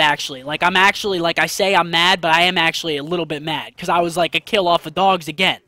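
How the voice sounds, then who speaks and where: A high, bright-voiced man talking through a shooter match as a gaming host. His delivery is excitable and full of slang, jumping into loud, cursing outbursts. The sound is dry and close. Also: fairly quick, no echo. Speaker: gaming YouTuber. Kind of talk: live gameplay commentary.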